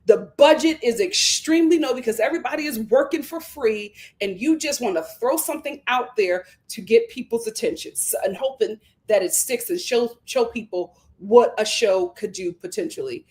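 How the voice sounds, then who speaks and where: A woman, giving an animated, gossipy live review of reality TV. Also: a little high, moderate pace, hardly any pauses. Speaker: show reviewer.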